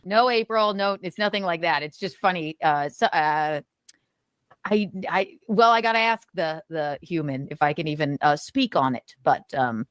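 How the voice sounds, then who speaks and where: A woman's voice: low-pitched, moderate pace, a bit bright, clear, resonant tone, no room sound. A woman chatting casually on a podcast, amused and a bit hesitant. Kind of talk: casual chat.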